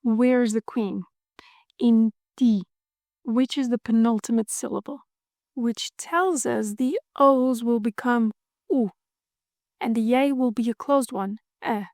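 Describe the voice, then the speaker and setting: Woman, language teacher, playful, repeats drills, slightly high, dry close mic. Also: a little mellow, no room sound. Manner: playful, drills words slowly and repeats them. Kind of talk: scripted video lesson.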